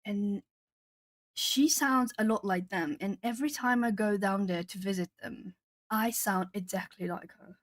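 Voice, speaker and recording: Woman from southern Brazil, native Portuguese speaker, art stream host; chatty, rambling delivery, mid pitch, dry room. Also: measured pace, no room sound. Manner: chatty, rambling with frequent fillers and laughs. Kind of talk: casual chat with live chat.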